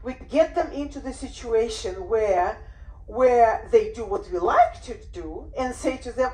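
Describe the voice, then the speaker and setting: Animated woman teaching in an echoey room. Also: a little high, measured pace. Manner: animated, acts out owner and dog voices. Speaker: dog behaviour trainer. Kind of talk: workshop talk. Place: room on a cruise ship. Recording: roomy echo.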